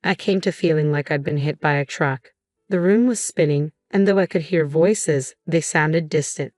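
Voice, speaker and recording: A woman reading a scripted first-person story in an even, measured way. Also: sits low, no echo, clean studio sound. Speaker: narrator.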